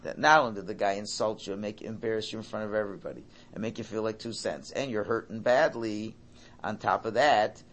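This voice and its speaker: A man's voice: fairly low pitch, fairly quick, a bit bright. Guy teaching a torah class, keeps repeating himself, stresses his points hard. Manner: repeats and restarts phrases, emphatic.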